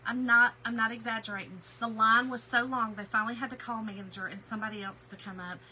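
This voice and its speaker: Chatty excitable woman, bright voice. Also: on the high side, fast, slight background noise, low-quality recording. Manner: chatty and excitable, greets viewers by name. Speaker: craft channel host. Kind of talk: casual livestream haul chat.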